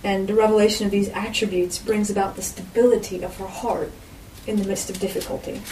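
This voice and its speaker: A woman's voice: medium pitch, steady tone, fairly quick, dark tone. A woman giving an informal sermon as a Bible teacher, with a conversational manner and frequent asides to her listeners. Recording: roomy echo, distant mic, faint background noise.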